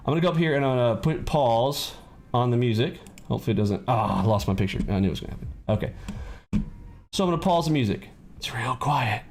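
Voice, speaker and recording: A man teaching traders in an energetic, animated way, acting out scenes and yelling encouragement. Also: mid-range voice. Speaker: trading coach. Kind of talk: hyped-up motivational teaching.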